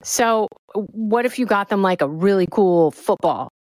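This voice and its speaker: A middle-aged woman chatting as a podcast guest, telling an animated story with playful quick delivery. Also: mid-range voice, dry recording. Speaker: podcast guest, fellow host. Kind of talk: casual chat, storytelling.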